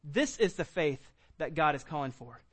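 A man's voice: a little high, lively intonation, moderate pace, fairly bright tone, husky. A male pastor preaching a conversational sermon, mixing scripture reading with casual asides. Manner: reads scripture aloud.

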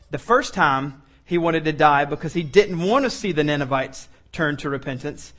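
A man preaching a sermon, animated, acting out the lines of the people in the story and laughing often. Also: fairly high pitch, measured pace. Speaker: pastor.

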